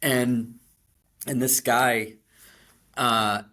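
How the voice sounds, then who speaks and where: A middle-aged man from Chicago with a Chicago accent, a podcast co-host telling stories in an animated, self-deprecating way with frequent restarts. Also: medium pitch, drawn-out words. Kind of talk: conversational storytelling.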